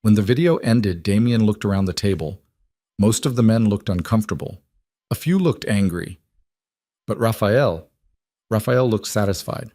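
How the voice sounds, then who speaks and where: A man reading a story as narrator, in a steady, measured way, close to the microphone. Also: lowish voice, no echo. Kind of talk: scripted audiobook narration.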